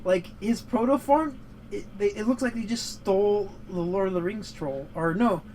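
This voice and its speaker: A man's voice: sits high, normal speed, a little mellow, slight background noise, poor audio. A man giving casual gaming commentary, rambling and swearing as he rants about a movie. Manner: rambling, profane, prone to heated rants. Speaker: gaming show co-host.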